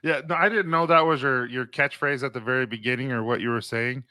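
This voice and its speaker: Bright, dry-voiced interview host. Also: male voice, mid-range voice, brisk, no echo. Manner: easygoing, chuckling, asks short questions. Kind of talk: casual interview chat.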